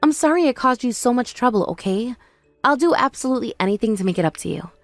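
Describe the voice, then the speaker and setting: A woman's voice: a little high, expressive, fast, dry recording, faint music behind. Woman voicing a pleading remorseful young wife. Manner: pleading, apologetic. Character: desperate remorseful young wife begging forgiveness. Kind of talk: scripted drama voice acting.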